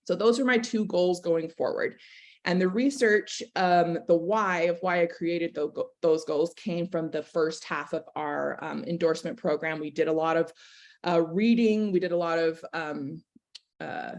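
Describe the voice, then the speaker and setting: A woman teacher walks through a presentation about her students in an earnest, heartfelt way. She often pauses on fillers and restarts her phrases. Her voice sits a little lower than most women's. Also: steady tone. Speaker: teacher presenting a case study.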